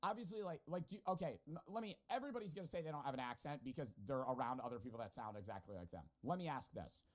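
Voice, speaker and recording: A man's voice: medium pitch, animated, quick pace, hardly any pauses. Rambling, profane American streamer man. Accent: general American. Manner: rambling, profane, laughing asides. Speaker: streamer reacting to videos. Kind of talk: casual reaction commentary.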